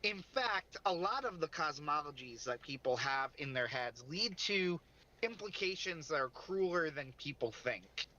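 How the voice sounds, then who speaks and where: A man co-hosting a laid-back livestream, his voice bright and a little high as he rambles, restarts his sentences and laughs along the way. The stream audio is dull and lo-fi. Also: animated, measured pace. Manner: rambling, self-interrupting, laughs often. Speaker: podcast co-host. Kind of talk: casual livestream chat.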